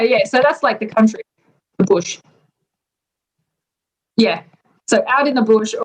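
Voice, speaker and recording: An Australian woman explaining local slang in a relaxed, chatty way, pausing with ums as she goes. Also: medium pitch. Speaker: native speaker explaining slang. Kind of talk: casual explanation.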